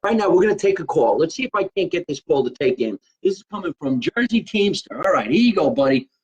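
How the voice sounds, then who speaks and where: A man's voice: a little high, sing-song, quick pace, darkish tone, husky, dull audio. A man hosting his own live stream, chatting casually and joking in a rambling way. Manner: chatty, rambling, joking about being Italian. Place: his home.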